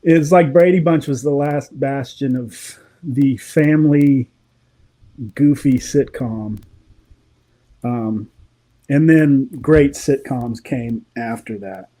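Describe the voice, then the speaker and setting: A man, a guest in a casual interview, telling animated, opinionated stories and laughing often. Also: medium pitch, slow.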